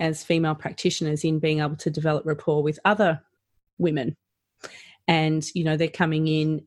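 Animated woman with dry close sound. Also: sits low, no room sound. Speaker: practitioner trainer. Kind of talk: casual chat.

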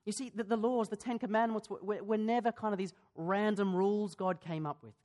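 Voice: mid-range voice, fairly even intonation, a little fast, darkish tone. A pastor preaching a sermon in a church, in a conversational way, asking the congregation questions and often restarting his sentences.

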